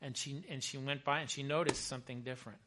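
A man, a chaplain, telling a story in a sermon, earnest and repeating words as he builds to bursts of excitement. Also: medium pitch, quick pace, background noise. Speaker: chaplain preaching.

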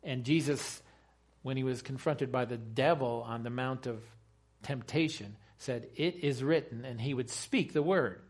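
A man's voice: mid-range voice, unhurried. A man preaching a sermon in an emphatic way, using rhetorical questions and repeating key phrases.

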